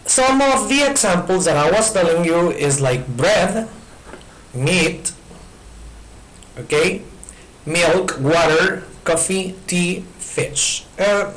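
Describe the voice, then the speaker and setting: A man's voice: high voice, rough recording. Man teaching English grammar. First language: Spanish. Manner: patient, repeats points, checks in with "okay?". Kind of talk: recorded classroom explanation. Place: in front of a board.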